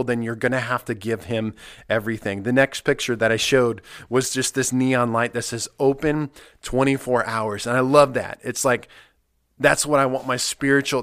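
A man's voice: medium pitch, a bit bright, dry recording, studio quality. A man preaching an earnest podcast sermon, emphatic, with many repeated phrases. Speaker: pastor.

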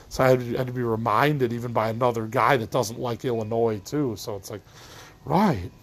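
Middle-aged man, husky voice, rambling solo podcast monologue, tired venting, trails off mid-sentence. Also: mid-range voice. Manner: rambling, trails off, restarts, swears casually. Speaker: podcast host.

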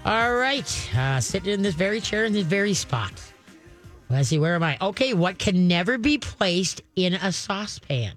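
Soft background music plays as an older radio host advises callers about training their dogs, casual and jokey, with frequent "okay?" check-ins from the studio. The mid-range voice is sing-song and fairly bright, at a normal speed.

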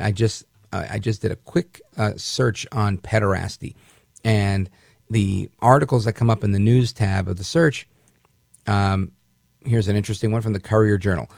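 A man's voice: on the low side, gravelly, darkish tone, dry recording, studio quality. A man hosting a syndicated talk radio show, delivering an indignant, rambling monologue with frequent restarts. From Puerto Rican heritage, raised in the northern US.

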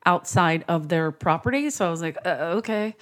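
A woman's voice: fairly low pitch, expressive, brisk. A woman comedian, a guest on a podcast, chatting casually and laughing between her phrases. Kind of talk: casual chat.

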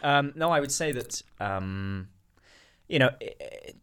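A man's voice: mid-range voice, lively intonation, slow, a bit bright, clean tone. A man appearing as a podcast guest, talking in an easygoing way with frequent ums and hesitations. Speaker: guest, company founder. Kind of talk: casual conversation.

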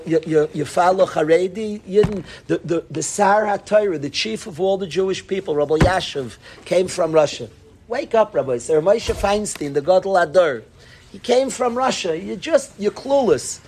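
A man's voice: sits high, a little mellow, slightly rough. A man, a yeshiva rabbi, giving a mussar talk to students, impassioned and scolding, often repeating and restarting his phrases.

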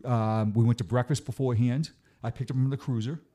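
A man's voice: mid-range voice, steady tone, a little fast, mellow. A middle-aged man, a retired police officer, telling stories in a casual chat, often stammering and repeating words. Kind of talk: casual storytelling.

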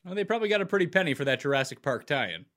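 A man hosting a casual podcast, arguing and teasing his co-hosts and swearing now and then. His voice is bright and forward, with a lively, swooping pitch and a fairly high register. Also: racing. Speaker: podcast host. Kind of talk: casual chat.

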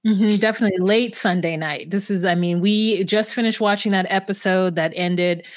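A woman's voice: medium pitch, fairly even intonation, moderate pace, no room sound, clean studio sound. A woman co-hosting a podcast, talking in a laid-back, rambling way in casual chat. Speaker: podcast co-host.

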